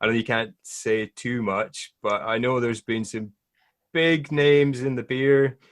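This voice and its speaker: A man's voice: mid-range voice, steady tone, measured pace. A man hosting a podcast in a casual chat, often laughing as he talks. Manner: chatty, laughs often while talking. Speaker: podcast host.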